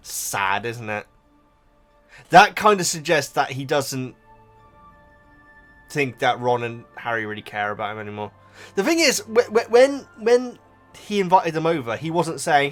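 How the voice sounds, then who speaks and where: A man hosting a casual book reaction, animated and emotional, with frequent restarts. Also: a little high, moderate pace, soft background music.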